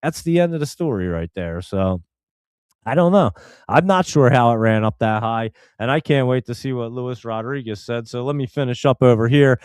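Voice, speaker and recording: A man's voice: medium pitch, normal speed, a little mellow, clear, resonant tone, dry recording, clean studio sound. A man hosting a stock market show, chatting casually and rambling with many fillers and restarts. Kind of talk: casual live-stream chat.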